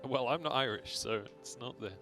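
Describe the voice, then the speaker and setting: A man's voice: medium pitch, a little fast, bright, forceful tone. A man from England casting an esports match in casual, joking banter with a co-caster. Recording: music bed behind.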